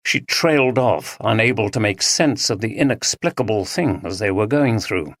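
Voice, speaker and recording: A narrator reading a drama audiobook in an even, measured way, close to the mic. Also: medium pitch, dry recording.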